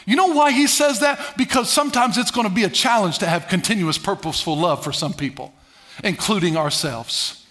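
A male pastor preaching a sermon, calling on the congregation to repeat words and swinging between loud bursts and low muttered asides. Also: fairly quick. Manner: preaches with call-and-response to the congregation.

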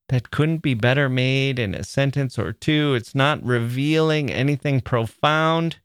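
A man's voice: medium pitch, no echo, studio quality. A man hosting a podcast in an opinionated monologue, exasperated and sarcastic by turns, then questioning himself aloud. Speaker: podcast host.

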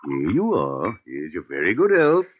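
Sly handyman, low and singsongy, old radio drama, tinny. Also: huge pitch swings, moderate pace, full character voice. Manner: folksy, teasing, drawling dialect. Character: sly rustic male handyman, sinister joker. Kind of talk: 1940s radio acting. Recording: tinny 1940s radio broadcast.

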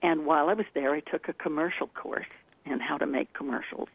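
A woman accent coach telling stories in an animated way as an interview guest, laughing often. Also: deep voice, fairly quick, breathy edge, no room sound. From Texas, part of childhood. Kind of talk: interview over the phone. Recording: tinny phone line.

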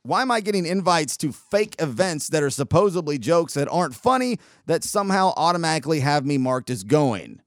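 Male host, casual sarcastic storytelling, lively swoops, slightly high, dry close sound. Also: no echo. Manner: sarcastic, animated, quick asides. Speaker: podcast host.

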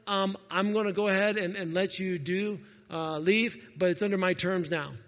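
A man's voice: high voice, steady tone, moderate pace, fairly bright tone. Stubborn whiny king, put on by a male preacher, dull lo-fi sound. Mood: grumbling. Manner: whining, grudging. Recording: echoey hall, dull lo-fi sound.

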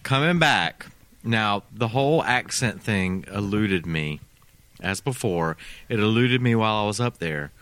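A man's voice: lowish voice, expressive, unhurried, a bit bright, clean tone, no echo. A man co-hosting a casual chat with friends, telling a rambling story with restarts.

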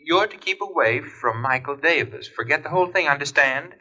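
A nervous anonymous caller. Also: male voice, on the high side, animated, brisk, bright, forceful tone, full character voice. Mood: nervous threatening. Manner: hesitant, stumbling threats. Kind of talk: 1940s radio acting. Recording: dull old radio recording.

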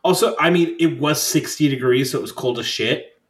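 A man's voice: medium pitch, a little fast, rough recording. A young man co-hosting a podcast, telling a trip story in a rambling, profane, laid-back way with lots of fillers. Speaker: podcast co-host. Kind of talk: casual chat.

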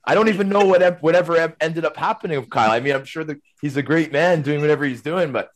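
A middle-aged man, a former hockey player, telling stories casually as a podcast guest, rambling and animated, tagging his sentences with questions. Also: fairly high pitch, quick pace. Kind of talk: casual storytelling.

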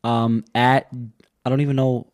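A man's voice: medium pitch, little pitch movement, moderate pace, darkish tone. A man guesting on a podcast, telling a crude story in casual, profane banter.

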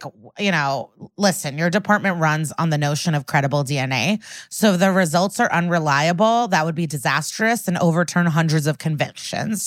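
A woman co-hosting a podcast, casually recapping an episode and acting out the characters' lines with animated swings in voice. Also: on the low side, no echo. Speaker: podcast co-host.

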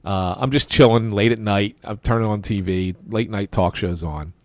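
A man telling a casual, animated anecdote as a sports reporter, full of restarts and stammers and acting out the lines of the people in it. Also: lowish voice, normal speed, no echo. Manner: animated anecdote with quoted voices. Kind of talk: casual storytelling.

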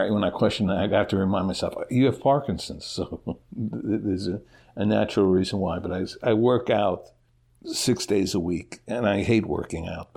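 An older man answers interview questions in a candid, self-deprecating way. His voice sits low and has a gravelly fry and a husky edge. He talks like a teacher telling his own story. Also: a little mellow. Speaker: interview guest. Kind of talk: casual interview.

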